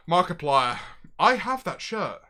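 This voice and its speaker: A young streamer chatting to his viewers in a loose, profane, animated way. His voice is bright and sharp, and it swings widely in pitch as he gets excited, often jumping into loud bursts. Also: slow. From Britain. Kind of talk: casual storytelling chat.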